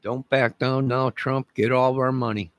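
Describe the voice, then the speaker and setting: A man's voice: medium pitch, flat delivery, moderate pace, no room sound. A man delivering an angry, profane, repetitive rant to camera, making demands over and over. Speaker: vlogger.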